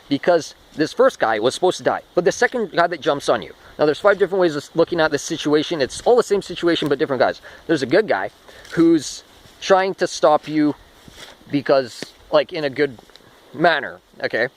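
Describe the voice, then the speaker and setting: A man's voice: on the high side, expressive, fairly quick, poor audio. A man talking through a rambling spoken monologue, restarting often and swearing casually. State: short of breath.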